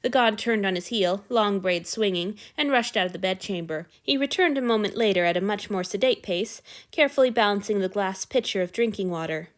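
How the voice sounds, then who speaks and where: A woman's voice: medium pitch, fairly quick, hardly any pauses. Woman steadily reading fan fiction aloud. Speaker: narrator.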